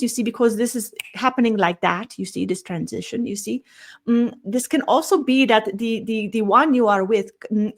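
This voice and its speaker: Her voice a little high, this woman gives a channeled spiritual talk that wanders slowly along; "mm" hums fill the gaps between phrases, "you see" follows almost every thought, and each phrase fades quietly at the end.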